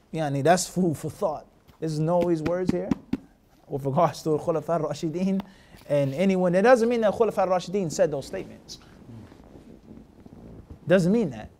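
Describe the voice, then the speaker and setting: Man, high voice, religious teacher, classroom lesson, frequent check questions, Arabic terms in English. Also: a little hiss or hum. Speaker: Islamic teacher.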